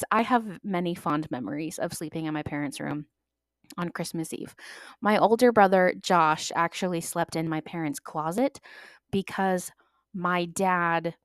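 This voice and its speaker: A young adult woman hosting a podcast, telling stories in a chatty, animated way and acting out the voices of people she quotes. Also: on the low side, no echo, studio quality. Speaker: podcast host. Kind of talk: casual storytelling monologue.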